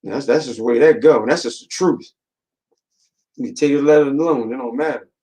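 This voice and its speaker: A man talking loosely in a relaxed chat, piling on fillers and street slang. His pitch sits in an ordinary middle range. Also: brisk, low-quality recording. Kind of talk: casual chat.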